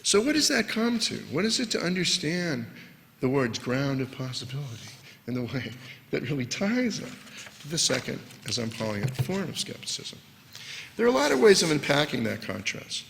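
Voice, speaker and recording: A man giving an academic philosophy lecture, measured and leaning hard on key words. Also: a little high, sing-song, vocal fry, a bit bright, slight background noise. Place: lecture hall. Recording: lecture hall with long reverb.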